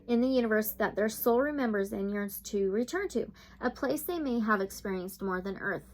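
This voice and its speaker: A woman tarot reader reading oracle card messages aloud in a slow, soothing guided-meditation way, now and then breaking into excited gushing. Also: medium pitch, poor audio.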